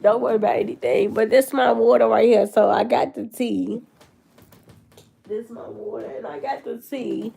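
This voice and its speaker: Stuffy-nosed 19 yr old girl chatting with her stream, lots of vocal fry. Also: a little high, steady tone, moderate pace, dark tone. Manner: rambling, answering chat comments. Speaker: livestreamer. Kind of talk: casual chat with viewers.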